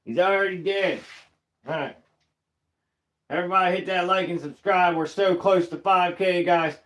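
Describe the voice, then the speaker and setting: This young taxidermist's voice sits high with a fairly bright tone, moving at normal speed. Relaxed and joking while he works, he greets his live stream viewers by name in casual Southern-style grammar.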